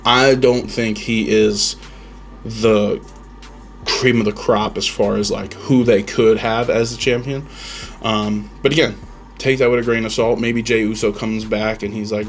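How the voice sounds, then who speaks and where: A man's voice: on the low side, flat delivery, normal speed, soft background music. Chatty man rambling with ums. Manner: rambling, opinionated, lots of ums and restarts. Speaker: podcast host. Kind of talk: casual reaction chat.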